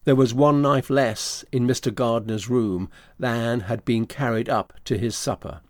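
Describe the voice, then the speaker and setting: A man narrating a classic novel as an audiobook, with a steady, even storytelling delivery. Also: medium pitch, unhurried, no echo, studio quality.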